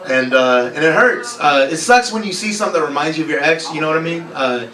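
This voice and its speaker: A man's voice: fairly high pitch, fast, pushed and bright. Young male stand-up comic, sardonic, self-mocking, banters with the crowd; raised voice, roomy bar heard from afar. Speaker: stand-up comedian. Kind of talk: live stand-up set. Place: bar comedy night. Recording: roomy bar recorded from far off, crowd laughing.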